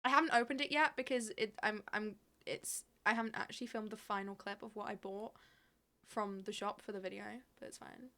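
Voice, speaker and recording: A woman's voice: mid-range voice, fairly even intonation, fairly quick, pushed and bright. A woman livestreamer chatting casually with her chat, laughing often and swearing freely.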